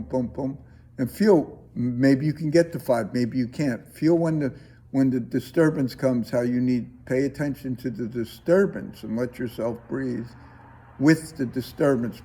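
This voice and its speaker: Slow, husky male breathing teacher. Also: mid-range voice. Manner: slow, calm, coaxing instructions with pauses. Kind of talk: guided breathing class instruction.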